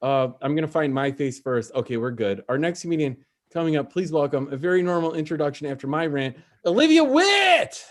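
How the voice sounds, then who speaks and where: A man hosting a comedy open mic over an online stream, his voice sitting at an ordinary middle pitch. He rambles through stories in a loose, profane, casual way, piling up repeats and asides. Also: steady tone, fast talker, hardly any pauses, a little mellow.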